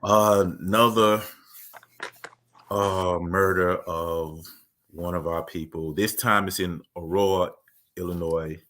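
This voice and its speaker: A man co-hosting a podcast, earnestly recounting news events in a measured, detailed way. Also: deep voice, steady tone, a bit bright. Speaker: podcast co-host. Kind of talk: casual discussion of news.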